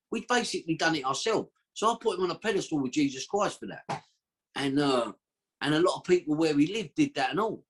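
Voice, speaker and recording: A man's voice: on the high side, fairly bright tone, husky. A man telling a long story as a podcast guest, rambling and slangy, with a streetwise way of talking. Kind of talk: casual storytelling.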